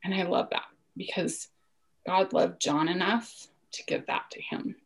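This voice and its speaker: Guest, woman, 40s, low gravelly voice, reflective and earnest, slips into near-whispers. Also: steady tone, a little slow, rough recording. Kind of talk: personal storytelling in a podcast interview.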